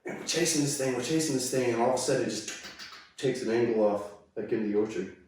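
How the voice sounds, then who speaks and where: A man's voice: medium pitch, fast talker, darkish tone, slight background noise. A man from California telling a story in a casual, slangy way, often saying "dude" and "like.". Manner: laid-back slangy talk full of "dude", "like" and "right?". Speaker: guest. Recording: very echoey, mic far away.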